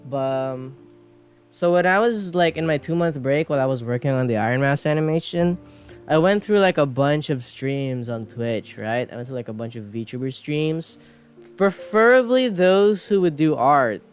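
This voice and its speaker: A man's voice: on the high side, moderate pace, smooth. A man streaming, chatting casually while he draws, rambling and mocking himself, swearing and laughing often. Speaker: streamer and animator. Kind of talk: casual chat while drawing. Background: soft background music.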